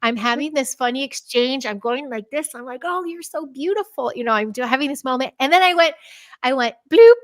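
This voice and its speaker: A middle-aged woman from the Chicago area, a podcast guest telling personal stories, animated and laughing often. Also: a little fast, dry recording. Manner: animated, laughs often, acts out her own past words in a bright high voice. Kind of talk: personal storytelling in a conversational interview.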